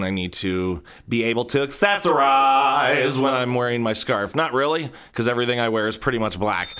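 A man's voice: fairly low pitch, bright, forceful tone, smooth. A man from central Ohio hosting his own podcast, rambling through a casual solo monologue full of self-mocking, jokey asides. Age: adult. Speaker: podcast host.

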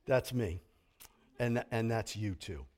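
A middle-aged man preaching a sermon as pastor, animated and jokey, slipping into grumbling impressions. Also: lowish voice, slow.

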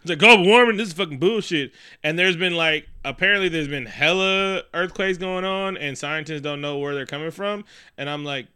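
A man's voice: a little high, normal speed, clean tone. A man in a casual chat, animatedly recapping a movie with lots of swearing and acted-out voices. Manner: animated, profane, storytelling with voices.

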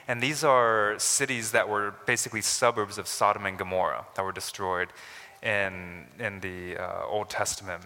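A man's voice: lowish voice, normal speed, sharp tone, in a large hall. A man preaching a sermon as a pastor, talking conversationally and building to emphatic rises.

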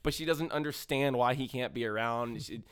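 A man co-hosting a casual movie review podcast, rambling and animated, full of fillers and the odd swear. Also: medium pitch, normal speed, clean tone, dry recording, clean studio sound. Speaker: podcast co-host.

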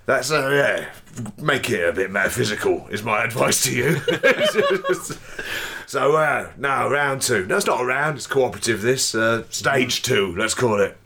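A man's voice: mid-range voice, big pitch swings, unhurried, sharp tone. A man hosting a comedy show, leading crude improv games with playful, bawdy banter. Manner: crude, playful, putting on mock Cockney lines. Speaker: podcast host.

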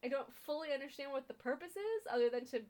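A woman's voice: high voice, lively intonation, fast talker, a little mellow. Chatty young woman recapping a show. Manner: chatty, frequent ums and laughs, blunt swearing. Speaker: podcast co-host. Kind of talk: casual chat recapping a TV episode.

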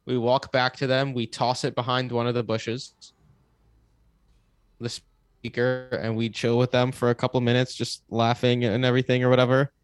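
A young man co-hosting a podcast, telling a story in a casual, animated way, laughing and swearing as he goes. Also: medium pitch, normal speed, clean tone. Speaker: podcast co-host.

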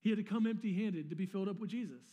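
A man with a high, bright-toned voice preaches a sermon, his words carrying a long reverb from a large church hall. He talks casually and conversationally, dropping in slangy asides and repeating words as he goes. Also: rapid-fire. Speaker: pastor.

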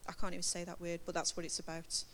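A woman's voice: on the low side, monotone, fast, a bit bright. A woman preaching a sermon from a church stage, earnest and emphatic as she encourages the congregation.

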